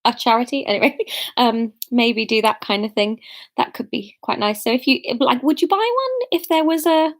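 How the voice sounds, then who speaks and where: A woman in her thirties chatting to her viewers in a loose, rambling way. Her voice sits a little high and keeps leaping up when she gets excited. She sounds like a casual livestream host. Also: moderate pace. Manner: chatty and rambling, often jumping up in pitch with excitement. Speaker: host reading out audience votes.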